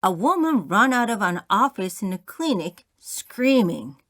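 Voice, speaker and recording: A woman reading short jokes aloud for English learners, telling them clearly and expressively. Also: mid-range voice, animated, unhurried, hardly any pauses, fairly bright tone, no echo, studio quality. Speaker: reader of a language-learning audio book.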